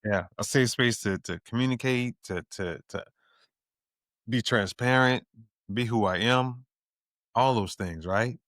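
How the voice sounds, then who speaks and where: A man's voice: medium pitch, a little slow, pauses often, fairly bright tone, dry recording, studio quality. A man hosting a couples podcast, asking questions casually and often checking in with "right?". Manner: conversational, asks questions with tag "right?". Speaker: podcast host. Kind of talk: podcast conversation.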